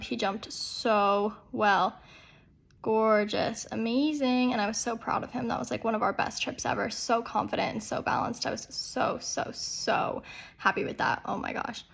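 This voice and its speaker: Chatty young woman vlogging, higher voice. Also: vocal fry. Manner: chatty, self-deprecating, uses filler "like". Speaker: vlogger and equestrian rider. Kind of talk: casual vlog voiceover and on-camera chat.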